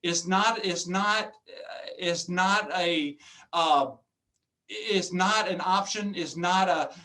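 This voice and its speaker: High bright-voiced man speaker. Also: slow. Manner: animated, jokey, acts out customers in funny voices. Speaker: professional speaker. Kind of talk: motivational keynote talk.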